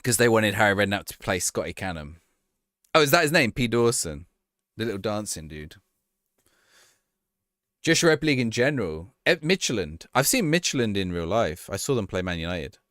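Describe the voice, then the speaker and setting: A man streaming a game from home, reading viewers' questions aloud and answering them in loose, offhand chat. His pitch swings up and down in a lively way, and he often breaks off and restarts his sentences. The sound is close and dry, with little room around it. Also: brisk, dry recording. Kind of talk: casual chat.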